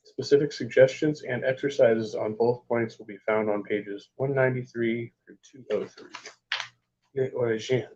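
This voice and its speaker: A man casually reading book passages aloud in a vlog, with offhand asides and halting attempts at French. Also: mid-range voice, steady tone, darkish tone, dull audio, slight background noise. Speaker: vlogger.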